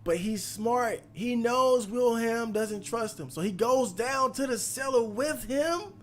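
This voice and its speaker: A man talking over a game he plays, animated and profane, laughing through his reactions. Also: sits high, slight background noise. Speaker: gaming channel host. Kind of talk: let's play commentary.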